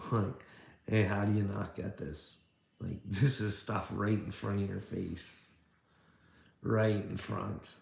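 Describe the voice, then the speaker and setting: Speaking slowly with a creaky, darkish, fairly low voice and mostly even intonation, this man sounds reverberant. The video creator combatively rants at a critic, hurling rhetorical questions. Heavy swearing runs throughout, along with repeated "bud" and "you know what I mean."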